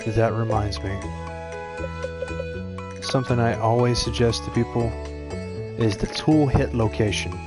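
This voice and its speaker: A man at an ordinary mid pitch, talking casually as he plays and walks viewers through tips. Clear game music plays behind his voice throughout. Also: fairly even intonation, unhurried, pauses often. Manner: chatty, explains tips to viewers. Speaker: let's play streamer. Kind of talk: casual gameplay commentary.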